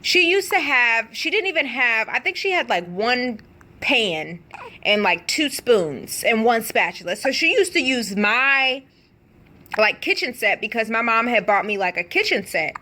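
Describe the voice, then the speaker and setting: Young woman, casual storytime vlog, animated, fairly high pitch. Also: a little slow. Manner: animated, chatty, acts out quotes. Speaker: vlogger.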